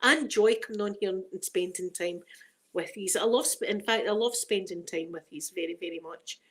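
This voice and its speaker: A woman's voice: medium pitch, normal speed. A middle-aged Scottish woman chatting on a casual livestream, laughing often and greeting viewers by name. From Scotland. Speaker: ASMR livestream host. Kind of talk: casual live chat.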